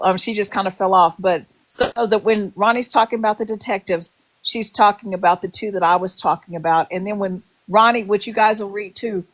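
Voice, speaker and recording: Chatty woman host, 60s, direct and advising. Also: mid-range voice. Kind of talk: casual chat.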